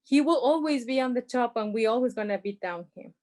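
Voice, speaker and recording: Woman presenter over a video call, slightly high voice, explains parenting stuff with examples. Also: lively intonation, fairly quick, mellow. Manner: explains with examples, non-native phrasing. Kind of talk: informal presentation.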